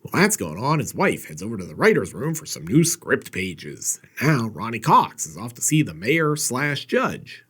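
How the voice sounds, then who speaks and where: Husky, wisecracking man riffing on films. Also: mid-range voice, very animated, moderate pace, hardly any pauses, a bit bright. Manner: sarcastic, wisecracking. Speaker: horror movie reviewer. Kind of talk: comedic movie recap commentary.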